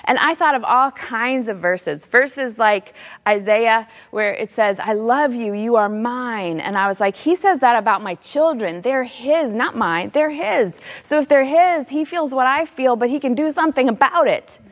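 A middle-aged woman speaks as a Christian author, telling a personal story with heartfelt warmth. She sometimes drops her voice to a hushed, soft tone. Her voice carries a long reverb, as in a large hall. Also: a little high, lively intonation, moderate pace. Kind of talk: personal faith talk.

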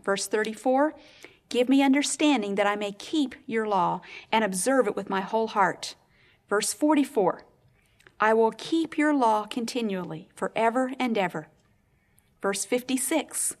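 A woman preaching a sermon, teaching earnestly and slowing down to stress key points. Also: on the high side.

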